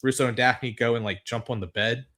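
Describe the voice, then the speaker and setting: A man in mid pitch talks through a recap as a podcast co-host, loose and rambling, with plenty of swearing. He chuckles at the absurd parts and drifts between asides. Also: steady tone, fast talker, fairly bright tone. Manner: rambling, swears freely, laughs at absurd moments. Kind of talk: casual recap chat.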